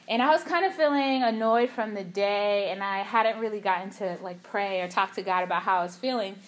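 A young adult woman giving a casual sermon, telling a personal story in an animated way with lots of filler words and acted-out quotes. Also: mid-range voice. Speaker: youth speaker.

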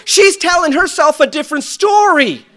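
A man preaching a sermon, swinging from shouted peaks to quiet storytelling. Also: extremely high pitch, normal speed. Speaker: pastor.

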